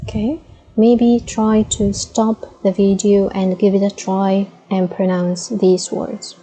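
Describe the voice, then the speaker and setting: A woman's voice: mid-range voice, little pitch movement, slow, dark tone, low-quality recording. A woman, teaching letter sounds patiently and checking in with frequent "okay?"s. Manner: patient, says "okay?" often, models sounds by repeating them. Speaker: Arabic teacher. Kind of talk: slow instructional explanation.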